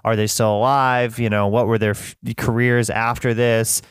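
Guy cohosting a movie podcast, smooth clear voice, dry sound, lots of likes and ums. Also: medium pitch, little pitch movement, moderate pace, no echo. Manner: rambling, many fillers and "like". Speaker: podcast co-host. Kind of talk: casual chat.

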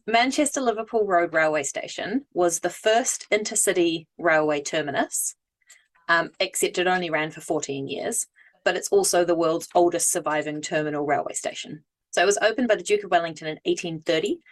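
A woman with a fairly low voice co-hosts a relaxed podcast chat. She reads out facts she has looked up, pausing on hesitant fillers as she goes. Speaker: podcast co-host.

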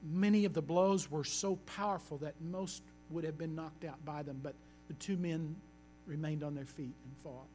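A man as pastor, preaching a sermon with earnest storytelling that slows down for emphasis. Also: on the high side, steady tone, warm tone, a little hiss or hum.

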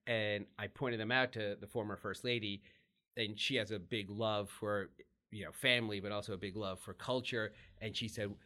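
Bright-voiced man telling personal stories. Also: on the low side, moderate pace. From United States. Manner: animated, laughs often, many restarts. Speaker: guest. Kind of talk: candid personal storytelling.

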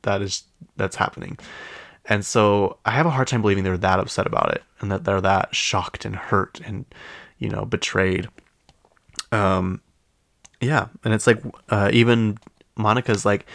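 A man's voice: on the low side, fairly even intonation, normal speed, creaky, fairly bright tone, dry recording. A man hosting a pop culture recap, chatting casually in a gossipy, opinionated and rambling way. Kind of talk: casual chat.

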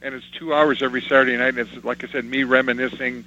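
An older Canadian musician, a guest in an interview, tells stories from his life in a mid-range voice that is bright and forceful, fast and with little pitch movement. Reminiscing through anecdotes, he acts out the voices of people he quotes. The recording is slightly dull with a faint hum.

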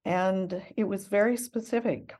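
A woman's voice: mid-range voice, a little slow, darkish tone. An older woman, a missionary guest in an interview, telling her story in an earnest, reflective and heartfelt way.

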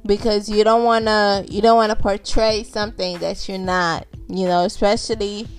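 A woman's voice: mid-range voice, level tone, moderate pace, faint music behind. Chatty woman podcast host. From Haitian background. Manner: chatty, repeats herself, addresses listeners as y'all. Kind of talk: unscripted casual podcast talk.

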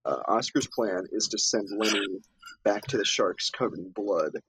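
A man's voice: fairly low pitch, moderate pace, low-quality recording. A man talking casually through a movie's plot, bouncing from scene to scene. He slips into the characters' voices to tell it. A faint hiss sits under his voice. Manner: animated storytelling, acts out character lines. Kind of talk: casual movie recap chat.

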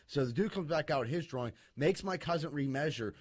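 A man telling a profane, animated story in casual chat among friends. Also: a little high, brisk, dry recording, clean studio sound.

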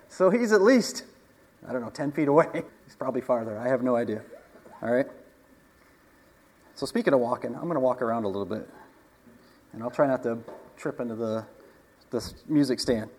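Chatty preacher in a reverberant hall. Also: male voice, mid-range voice, a little fast, long pauses, darkish tone. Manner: conversational, asks the audience questions, chuckles often. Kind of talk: casual sermon.

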